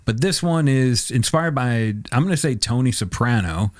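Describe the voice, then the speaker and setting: A man's voice: mid-range voice, lively intonation, normal speed, no room sound, studio quality. A man co-hosting a podcast with comedic banter and a playful, mock-grandiose delivery. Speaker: podcast co-host.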